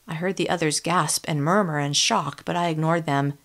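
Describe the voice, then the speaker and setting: A woman narrating a first-person audiobook in an expressive, tense storytelling manner. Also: deep voice, normal speed, few pauses.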